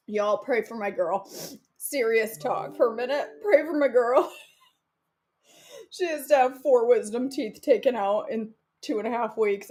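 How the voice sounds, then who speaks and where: With a fairly high-pitched, darkish voice, a woman chats casually to herself as she cooks for her vlog. She jokes and giggles throughout.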